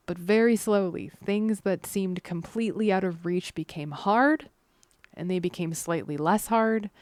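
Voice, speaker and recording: Woman with a low voice reads her own essay aloud: earnest, frank, wryly funny, dry booth sound. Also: darkish tone, no room sound. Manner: candid and earnest, with blunt swearing and self-aware humor. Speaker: creator reading her own essay series. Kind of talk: reading a personal essay aloud.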